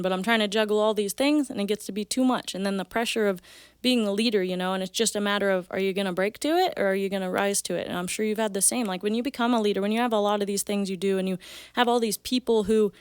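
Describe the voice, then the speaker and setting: A young woman in her twenties talks fast and openly as a podcast guest, breaking into laughter now and then. Her voice is crisp and clean, recorded dry and close with no room sound. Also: mid-range voice, dry recording. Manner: quick, candid and chatty, laughs often. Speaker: guest, professional fighter. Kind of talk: casual interview conversation.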